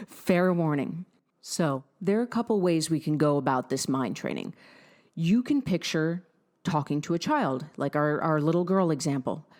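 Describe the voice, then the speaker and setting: Young woman podcast coach, lowish voice, upbeat and direct, talking straight to you. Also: darkish tone. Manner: upbeat, direct and encouraging, talks straight to the listener. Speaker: podcast host, fitness and mindset coach. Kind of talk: motivational podcast monologue.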